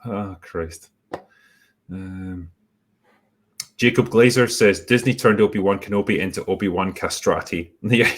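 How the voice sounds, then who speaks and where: A middle-aged man talks in a low, unhurried voice. He hosts a loose chat, stopping and starting with ums. His tone stays wry and dry. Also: fairly bright tone. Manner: laid-back, halting with many ums, wry. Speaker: host. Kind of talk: casual chat reading superchats.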